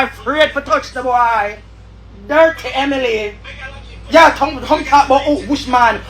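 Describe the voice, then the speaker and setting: A woman's voice: high voice, moderate pace, a bit bright. A woman with a Jamaican accent in a heated, angry rant, repeating and swearing. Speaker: vlogger.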